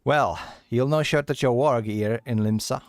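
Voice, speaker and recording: A man voicing a gruff, worldly male tavern keeper, reading the lines haltingly and stumbling over the dialect. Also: mid-range voice, no echo, lightly acted.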